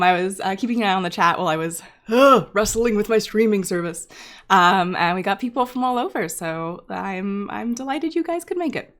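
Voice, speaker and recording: A woman's voice: mid-range voice, expressive, moderate pace, a bit bright. A woman hosting and teaching a live online class, talking off the cuff and straight to her viewers, with many ums and restarts. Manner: talks straight to viewers in chat. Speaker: instructor hosting a data science livestream. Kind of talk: unscripted livestream teaching.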